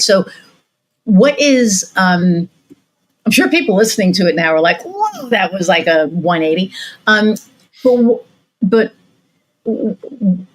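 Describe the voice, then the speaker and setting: A woman with a somewhat low voice hosts a relaxed podcast conversation. She rambles through her stories, circling back with fillers and false starts as she goes. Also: low-quality recording. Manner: rambling storytelling with many fillers and restarts. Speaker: podcast host. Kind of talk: casual interview chat.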